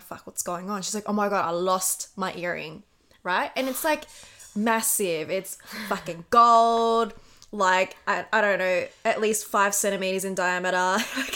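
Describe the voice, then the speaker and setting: Raspy sweary young Australian woman. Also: medium pitch. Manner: sweary, animated storytelling. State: raspy, just woken up. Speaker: podcast co-host. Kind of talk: casual storytelling chat.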